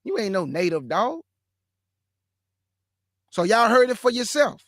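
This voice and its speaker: A man's voice: high-pitched, big pitch swings, measured pace, no room sound. Brash stream host, a man, mocks and repeats himself, dry close mic. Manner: brash, mocking, repeats lines for emphasis. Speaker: host of a livestream show. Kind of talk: livestream commentary and preaching.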